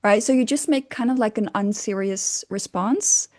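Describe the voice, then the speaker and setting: Mellow-voiced woman coach explaining casually. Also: mid-range voice, normal speed. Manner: relaxed, hesitant with fillers and frequent laughs. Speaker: communication coach.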